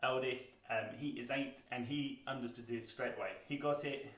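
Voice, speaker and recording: A British man in his thirties co-hosting a board game review, talking casually with frequent pauses and fillers. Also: medium pitch, steady tone, a bit bright, slight background noise. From Britain. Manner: chatty, hesitant, lots of ums. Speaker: board game channel co-host. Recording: roomy sound, mic at a distance.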